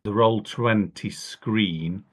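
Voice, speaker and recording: A man's voice: on the low side, extremely slow, slightly rough. A man playing a tabletop game over a voice call, chatty and a little hesitant. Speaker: player. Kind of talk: casual tabletop play. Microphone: computer mic on a voice call.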